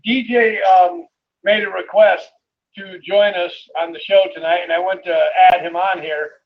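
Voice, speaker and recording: A man's voice: high-pitched, fairly even intonation, measured pace, narrow, tinny audio. A man co-hosting a casual wrestling review show, talking hesitantly with lots of fillers. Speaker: podcast co-host.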